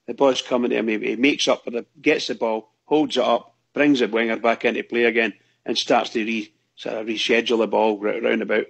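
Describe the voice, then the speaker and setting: A man with a gravelly, husky voice chats on a fan radio show. He rambles and gushes with enthusiasm, circling back over his points. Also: medium pitch. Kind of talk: casual chat.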